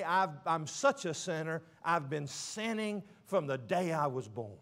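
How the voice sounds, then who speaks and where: A man preaching a sermon, stressing words slowly and dropping suddenly to a hush. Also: sits high, lively intonation. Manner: emphatic, with slow drawn-out stresses and sudden quiet drops.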